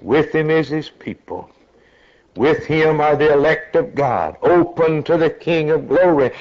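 Slow, dramatic male preacher, lo-fi. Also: animated. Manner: slow, dramatic preaching that climbs to high shouted peaks. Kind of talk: sermon.

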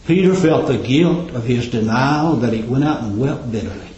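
A man preaching a sermon, impassioned and swinging up into high, ringing exclamations. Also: moderate pace, darkish tone. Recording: roomy, slightly dull recording.

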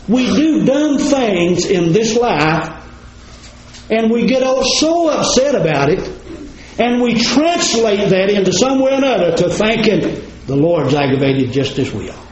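A man's voice: high-pitched, very animated, unhurried, slight background noise. A man preaching a sermon in a folksy, plain-spoken way, talking straight to his congregation. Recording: roomy, slightly dull recording.

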